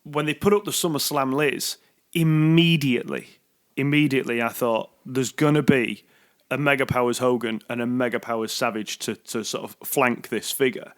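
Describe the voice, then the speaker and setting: A man with a Manchester accent chats casually as a podcast co-host. His voice sits in an ordinary middle register. He thinks out loud, often restarting and repeating words. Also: medium pitch, fairly even intonation, normal speed. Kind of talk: casual chat.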